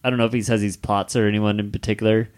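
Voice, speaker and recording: A man's voice: fairly low pitch, level tone, very fast, darkish tone, clear, resonant tone. Man casually retelling a comic plot. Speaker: podcast co-host.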